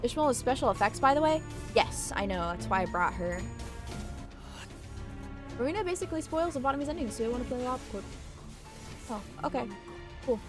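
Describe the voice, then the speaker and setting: A woman streaming a game live, chatting and swearing freely as she reacts to what happens on screen. Her voice sits a little high and jumps around with lively pitch. She talks into a desk microphone at home. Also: a little fast, long pauses, music in the background. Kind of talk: live let's-play commentary.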